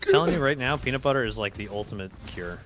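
A man streaming a team shooter game, chatting casually with friends and breaking into loud outbursts. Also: mid-range voice, animated, fast, soft background music. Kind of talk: casual gaming chat.

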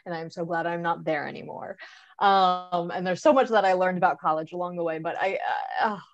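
A woman's voice: on the low side, a little fast, lo-fi sound. A woman moderating an online panel interview, talking enthusiastically and chattily with frequent ums.

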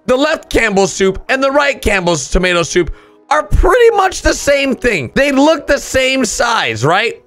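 A young man with a very high, gravelly voice hosts a comedic reaction vlog. His pitch swings widely as he jokes and exaggerates, and he sometimes bursts into shouts. Faint music plays behind him. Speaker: YouTube reaction host. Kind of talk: casual comedic commentary on photos.

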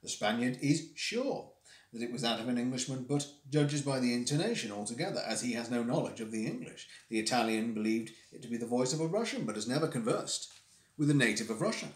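A detached gentleman detective, read aloud by a man, lays out his reasoning in a measured, lecturing way, his pitch swinging up and down with lively emphasis. It sounds like a classic story read aloud, caught with a roomy echo around the voice. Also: close to an everyday voice. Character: cool analytical gentleman detective, middle-aged man.

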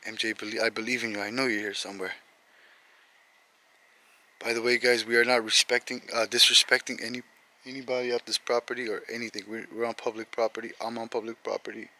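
A frightened young man vlogging outdoors at night by his car, talking in a hushed, jittery, breathless way. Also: medium pitch, flat delivery, quick pace. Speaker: ghost-hunting vlogger. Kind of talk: tense casual vlog narration. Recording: noisy outdoor camera audio.

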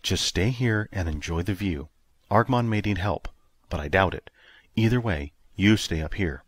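A man voicing a gentle, firm spacewoman. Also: deep voice, moderate pace. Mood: firm, caring. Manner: gentle but firm, softly spoken. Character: caring, firm young woman crew member. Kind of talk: audiobook character reading.

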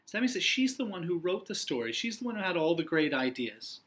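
A young man, a teacher, reading a picture book aloud to young children in an encouraging, expressive way. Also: high-pitched, fast.

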